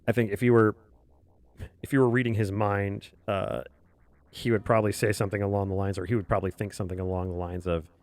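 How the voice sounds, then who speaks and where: Low-voiced man chatting while drawing. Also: level tone, quick pace, dry recording. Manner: rambling, chuckling, muttering softly while working. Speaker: webcomic artist streaming. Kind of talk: casual chat while drawing on stream. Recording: faint music behind.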